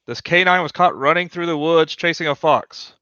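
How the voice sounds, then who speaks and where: A brusque auctioneer barks out his lots, as a man puts him on, pitched high above his own voice. The tone is bright and crisp, the sound dry and dull. He is scornful and in a hurry. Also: fairly even intonation, moderate pace, no echo. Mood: booming.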